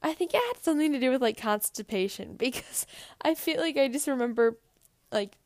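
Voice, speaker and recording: Teen girl podcaster, chatty and giggly, slight vocal fry, dry close mic. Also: sits high, animated, fairly quick, darkish tone, dry recording. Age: teens. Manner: rambling, giggly, lots of "like". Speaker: podcast co-host. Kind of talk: casual solo podcast chat.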